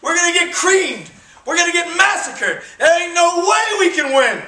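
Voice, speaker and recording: A man's voice: very high voice, unhurried, pushed and bright, full character voice. A man voicing weary, frightened common soldiers who complain in casual modern slang, heard from far off in an echoey hall. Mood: despairing.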